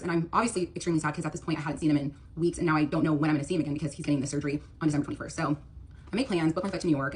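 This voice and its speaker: In a low, slightly rough voice, a young woman tells a storytime monologue on TikTok about a personal date. She rambles, leans heavily on fillers, and quotes the other person's words.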